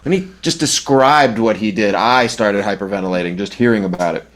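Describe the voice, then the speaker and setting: Man in his fifties, podcast guest, lowish voice, joking, self-deprecating. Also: fairly quick, fairly bright tone. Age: 50s. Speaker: guest musician. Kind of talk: casual podcast chat.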